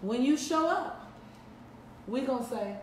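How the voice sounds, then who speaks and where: A woman's voice: high-pitched, lively intonation, measured pace, a little hiss or hum. Emphatic woman preaching to a room. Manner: emphatic, preacherly, repeats lines for effect. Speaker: motivational speaker. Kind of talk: live motivational talk to an audience. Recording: echoey room, mic at a distance.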